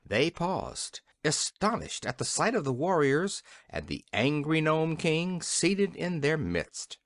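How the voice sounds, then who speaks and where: Man reading an old kids fantasy book, really lively voice, dry close mic. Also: on the high side, takes it slowly, dry recording. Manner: expressive storytelling. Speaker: audiobook narrator. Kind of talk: scripted narration.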